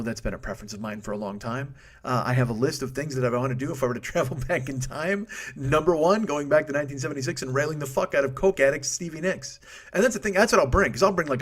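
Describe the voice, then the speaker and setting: A man's voice: medium pitch, fairly bright tone. A man in his forties hosting a comedy podcast, rambling through a profane monologue, cutting himself off and laughing at his own jokes. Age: 40s. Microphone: studio microphone.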